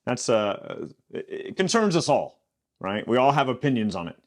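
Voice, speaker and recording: A man hosting a Bible study podcast, reading scripture aloud and explaining it in a relaxed, conversational way with joking asides. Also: medium pitch, moderate pace. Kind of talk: casual Bible teaching.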